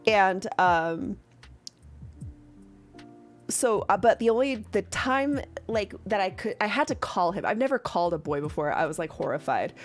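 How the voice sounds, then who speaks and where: A woman's voice: mid-range voice, expressive, normal speed, soft background music. A woman running a tabletop game as game master, chatting casually in a rambling way with lots of fillers and some swearing.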